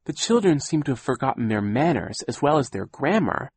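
A prim, fretful aunt who scolds children about manners, put on by a man reading aloud. Her voice sits raised and lively with a husky grain, close and dry. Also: mid-range voice, a little fast, dry recording, pitched above the performer's own voice. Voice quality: prim, fussy. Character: fussy, prim, easily fooled middle-aged aunt.

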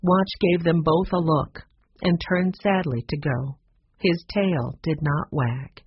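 A narrator reading a children's chapter book aloud in a plain, measured storytelling manner. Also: medium pitch, breathy edge, no echo, highs cut off. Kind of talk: audiobook narration.

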